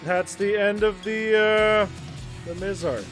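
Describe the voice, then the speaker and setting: Sarcastic and swearing, a young man mutters asides as he casually comments on a wrestling video game during a stream. He talks slowly in a high, steady, fairly bright voice, over background game music.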